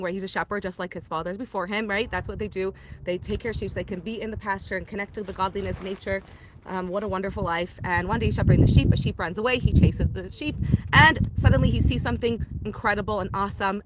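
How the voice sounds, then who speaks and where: A woman teaching a weekly Torah class, retelling the story in a lively, animated way and acting out the characters' lines. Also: medium pitch, noisy background.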